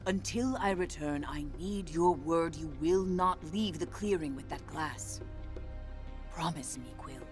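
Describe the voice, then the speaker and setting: A woman voicing a stern, worried older male mouse uncle in a video game's storybook narration, speaking gravely and protectively. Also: low voice, a little slow, soft background music.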